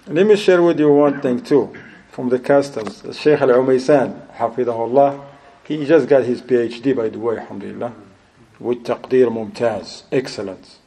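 A man giving a religious lesson, telling anecdotes in an animated way, with loose grammar and Arabic phrases sprinkled in. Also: mid-range voice, a little hiss or hum, rough recording. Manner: loosely structured, non-standard English grammar. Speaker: religious teacher.

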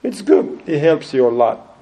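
A man giving a religious lesson, telling anecdotes in an animated way, with loose grammar and Arabic phrases sprinkled in. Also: on the high side, moderate pace, creaky, low-quality recording. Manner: loosely structured, non-standard English grammar. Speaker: religious teacher.

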